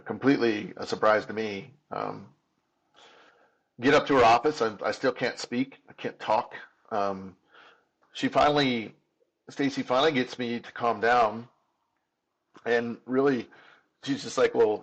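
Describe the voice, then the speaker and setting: Gravelly man in his fifties, halting. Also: medium pitch, fairly even intonation, fairly bright tone, rough recording. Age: 50s. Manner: halting, restarts and repeats words; candid, earnest. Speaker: podcast guest. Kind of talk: personal storytelling in an interview.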